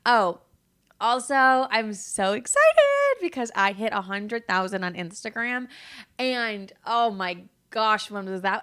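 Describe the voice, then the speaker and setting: A woman's voice: medium pitch, a bit bright. Chatty young woman hosting a podcast. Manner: chatty, swears freely, acts out quoted people. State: tired. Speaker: podcast host. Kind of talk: casual solo podcast chat.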